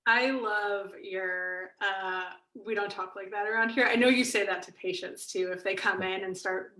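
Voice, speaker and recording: A woman's voice: mid-range voice, fairly even intonation, normal speed, sharp tone, roomy sound, poor audio. A woman who coaches meditation, talking casually and hesitantly on a video call, with frequent restarts. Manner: hesitant, many restarts and fillers. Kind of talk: casual conversation.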